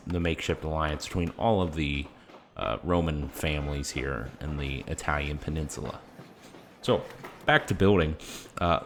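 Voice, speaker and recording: Deep-voiced man narrating his gameplay. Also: a bit bright, slight background noise. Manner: chatty, explains as he plays, many "uh" fillers. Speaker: gaming channel host. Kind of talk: casual game commentary.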